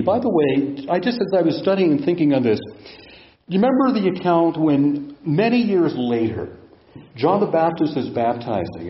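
A man preaching a sermon and teaching from scripture, putting questions to his listeners. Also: fairly high pitch. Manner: teaching, asks the congregation questions. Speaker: pastor. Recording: echoey room, dull lo-fi sound.

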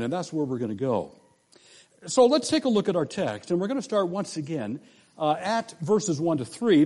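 A man delivers a Sunday sermon in a loose, conversational way, often turning to the congregation with questions. His voice is slightly high for a man and very lively in pitch. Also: breathy edge. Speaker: pastor.

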